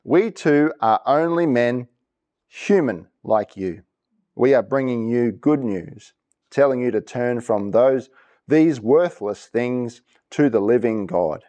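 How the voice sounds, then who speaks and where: Speaking slowly in a mid-range voice, a preacher leads an interactive sermon in a church. He reads scripture verses and livelily asks the congregation to respond.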